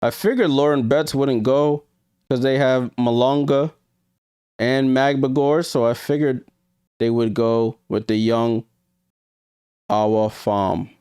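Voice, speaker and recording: A man's voice: medium pitch, fairly even intonation, slow, pauses often, mellow, smooth, no room sound, clean studio sound. A man with a New York accent hosting a live stream, giving casual reaction commentary, thinking aloud and talking to his viewers with hesitant ums. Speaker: livestream host.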